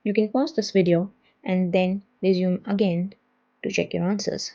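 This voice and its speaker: A woman teaching a French language lesson, patiently repeating each example word slowly. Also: medium pitch, fairly even intonation, warm tone, no echo, lo-fi sound.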